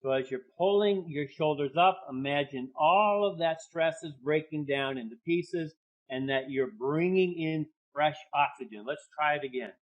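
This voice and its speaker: Man coaching a calm relaxation exercise. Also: a little high. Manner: calm, coaching, drawn-out guided instructions. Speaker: webinar presenter, therapist. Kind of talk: guided relaxation lesson. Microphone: video call. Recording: dull lo-fi webinar audio.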